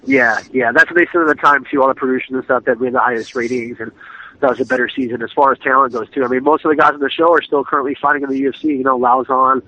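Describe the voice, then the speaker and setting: A man's voice: medium pitch, steady tone, very fast, bright, forceful tone. A man in his thirties, an MMA fighter telling laid-back, profane stories in a casual interview. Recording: dull, lo-fi dry sound.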